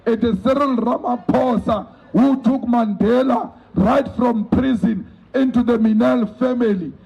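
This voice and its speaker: A middle-aged man giving a fiery rally speech at an outdoor protest march, rhetorical and repetitive, rising to shouts. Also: very high voice, vocal fry, husky, poor audio. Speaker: political leader addressing a march.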